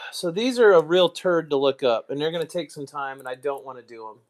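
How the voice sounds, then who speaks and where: A man's voice: on the high side, lively intonation, brisk. An American man chatting casually on a live stream, muttering asides and mocking himself as he goes. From United States. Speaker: streamer, card collector.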